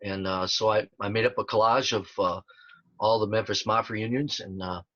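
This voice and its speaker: A man's voice: lowish voice, steady tone, normal speed, bright, forceful tone, dry recording. A man in his sixties, an interview guest telling stories in a rambling way with many fillers and restarts. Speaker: interview guest, tribute performer. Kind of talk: casual storytelling interview. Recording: dull lo-fi sound.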